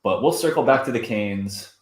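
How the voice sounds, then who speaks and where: A young man co-hosting a podcast, chatting casually in a dry, deadpan way. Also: mid-range voice, normal speed. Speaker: podcast co-host. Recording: roomy echo.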